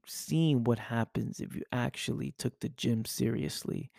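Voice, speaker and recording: Gravelly man giving a motivational talk. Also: medium pitch, steady tone, unhurried, darkish tone, no room sound, clean studio sound. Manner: intense, preachy, rhetorical questions. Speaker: podcast host. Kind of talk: motivational monologue.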